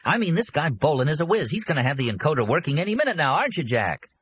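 A man's voice: fairly high pitch, very animated, fast talker, a bit bright, husky, pitched above the performer's own voice, heavily acted. A man reading an audiobook, voicing a brash, pushy middle-aged union boss who talks bluntly and boasts. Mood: boisterous. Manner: blunt, boastful, jumpy and eager to please. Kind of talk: audiobook character voice.

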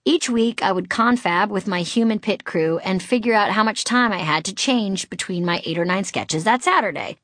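A woman's voice: medium pitch, normal speed, hardly any pauses, a bit bright, no room sound. Brief: middle-aged woman from Boston, audiobook memoir, wry and candid, dry close-miked sound. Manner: wry, candid, comic timing. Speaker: author narrating her memoir.

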